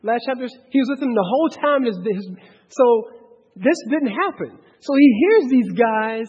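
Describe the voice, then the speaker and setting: A man with a very high, husky voice teaches scripture to a group, talking in an animated way with many restarts and questions. He is recorded in a dull, echoing hall with long reverb. Low-fidelity sound. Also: moderate pace. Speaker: bible study teacher. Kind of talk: bible study teaching.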